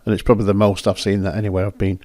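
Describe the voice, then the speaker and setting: A man's voice: lowish voice, flat delivery, racing, darkish tone, dry recording, studio quality. A man hosting, chatting casually and rambling as he talks through his photos. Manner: rambling, self-correcting, chatty. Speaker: photographer and host. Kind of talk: casual commentary over photos.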